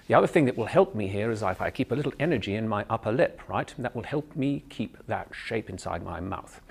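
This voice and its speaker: A man's voice: lowish voice, lively intonation, fast, gravelly, breathy edge. A man with a Canadian accent, working as a dialect coach and teaching an accent tutorial. He explains step by step and breaks off to demonstrate sounds.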